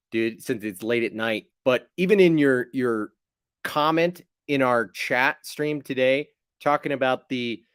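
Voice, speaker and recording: A man's voice: medium pitch, no room sound, clean studio sound. A man hosting his channel, chatting casually on a livestream in a rambling, teasing way. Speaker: channel host.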